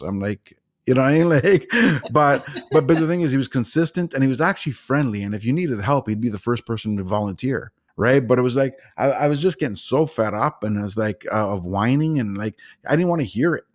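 A middle-aged man hosts a podcast and rambles through an anecdote, stumbling over restarts and laughing as he goes. His voice sits at an ordinary pitch. The sound is close and dry, with no room behind it. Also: brisk, no room sound. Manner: rambling, animated storyteller with frequent restarts and laughs. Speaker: podcast host. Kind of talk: casual storytelling interview.

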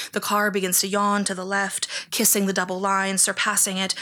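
A woman reading a memoir aloud in second person, in a hushed, even delivery that at times drops toward a whisper. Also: medium pitch. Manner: hushed, flat, sometimes close to a whisper. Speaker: audiobook narrator.

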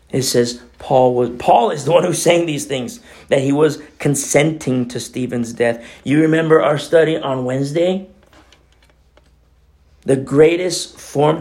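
Gravelly man preaching a casual sermon. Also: mid-range voice. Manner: animated, swinging from emphatic outbursts to hushed near-whispers. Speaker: pastor. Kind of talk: conversational sermon.

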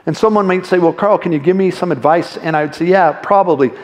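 A man's voice: high voice, fast talker. Echoey preaching man. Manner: conversational, jokey, asks the congregation questions. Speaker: pastor. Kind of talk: sermon. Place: church hall. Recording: echoey church room.

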